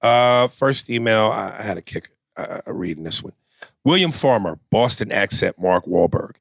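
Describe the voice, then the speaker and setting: A man co-hosting a podcast in casual, relaxed chat, reading listener emails. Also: fairly low pitch, moderate pace, vocal fry, dry recording. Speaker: podcast co-host.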